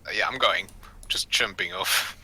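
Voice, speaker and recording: A man's voice: sits low, normal speed, sharp tone, breathy edge. A young man playing in a tabletop game, talking casually and flippantly with jokes. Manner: flippant, joking. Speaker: player. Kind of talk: casual in-character game chat.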